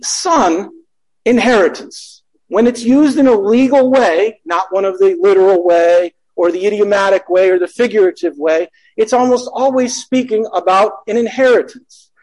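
Guy with a pretty high voice walking through bible verses, chatty, fixes his own slips mid-sentence. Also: darkish tone, poor audio. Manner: conversational, self-correcting, reads scripture aloud. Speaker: Bible teacher. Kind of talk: Bible study teaching.

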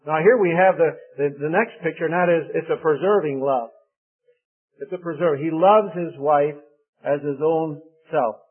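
An older man with a voice on the high side preaches a sermon at a moderate pace, telling homely, folksy stories about his marriage and quoting people in lively, acted-out voices. The recording sounds narrow, like a phone.

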